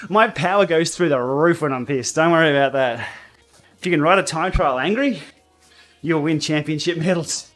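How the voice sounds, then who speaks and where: A man hosting a casual cycling livestream from his home training room, blunt and outspoken, quick to laugh. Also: on the high side, a bit bright, faint music behind. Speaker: cycling YouTuber and livestream host. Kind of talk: casual livestream chat while riding.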